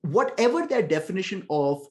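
A man's voice: sits high, big pitch swings, moderate pace. A man speaking as a podcast guest, explaining with emphasis and often repeating words as he thinks. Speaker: podcast guest, ecommerce conversion expert. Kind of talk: casual podcast interview.

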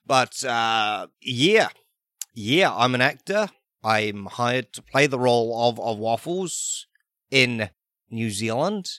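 A man's voice: medium pitch, slow, no room sound, clean studio sound. A man doing a rambling Australian actor. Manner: rambling, deadpan absurd storytelling. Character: rambling Australian actor posing as a podcast host.

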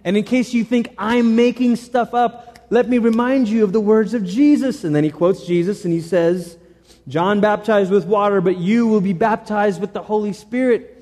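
A man preaching a sermon to his church, animated and repeating phrases for emphasis. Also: high voice, normal speed, long reverb tail. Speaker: pastor.

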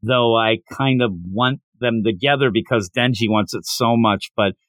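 A man co-hosting a manga podcast, chatting casually and acting out character lines in quick asides. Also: medium pitch, steady tone, fairly bright tone, no echo. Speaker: podcast co-host. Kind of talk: casual chat.

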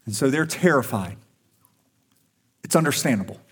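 A man's voice: mid-range voice, animated, normal speed, husky. A male pastor preaching a sermon to a congregation in a conversational, earnest way, pushing up for emphasis on key points.

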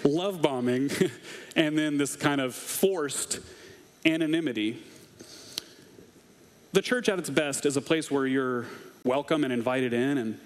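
A man of medium pitch preaching to his congregation in a loose, conversational way, dropping wry, snarky asides. His voice carries a long reverb tail from a large hall. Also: a little slow, long pauses. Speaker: pastor. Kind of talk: conversational sermon.

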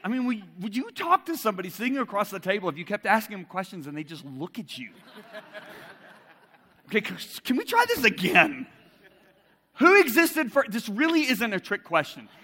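A middle-aged man preaching a sermon, swinging from loud emphasis to soft intimacy and asking the audience direct questions. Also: high voice, very animated, a little fast, long reverb tail.

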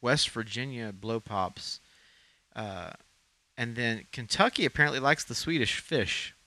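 A man's voice: mid-range voice, measured pace, no room sound. A man from Arkansas co-hosting a podcast, chatting casually and rambling with lots of ums. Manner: relaxed, rambling with many ums. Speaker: podcast co-host. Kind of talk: casual chat.

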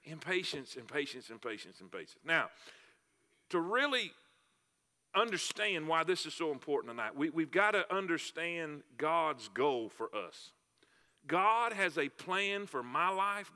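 Male pastor, high voice, folksy sermon storyteller, reverberant hall. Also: expressive, measured pace, pushed and bright. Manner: folksy storytelling with repetitions and fillers. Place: church sanctuary.

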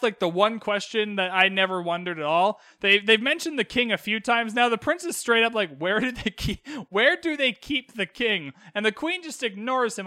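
Bright, high-voiced young man podcasting. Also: no echo, studio quality. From Canada. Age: young adult. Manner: chatty and cheeky, quick quoted asides. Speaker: podcast host. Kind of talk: casual solo recap podcast.

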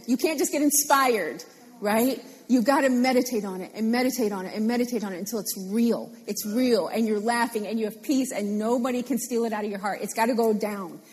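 Woman, sermon, high husky voice, playful repetition, long reverb. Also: brisk. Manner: animated, playful, repeats phrases for emphasis. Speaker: preacher.

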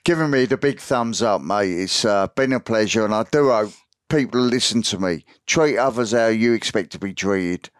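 Earnest Australian male guest, lowish pitch, dry podcast sound. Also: moderate pace, dry recording. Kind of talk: casual interview chat.

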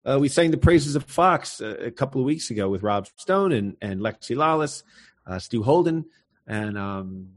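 A podcast host rants with exasperated energy, and his pitch leaps and swoops as he talks. The delivery stays casual and chatty throughout. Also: moderate pace. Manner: animated, exasperated ranting. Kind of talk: casual sports chat.

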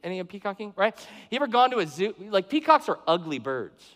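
A middle-aged male pastor with a notably high voice preaches in a church, casual and conversational, turning to the congregation with questions and playing out quotes. His voice rings with a long hall reverb. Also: big pitch swings, fast talker, fairly bright tone. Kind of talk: sermon.

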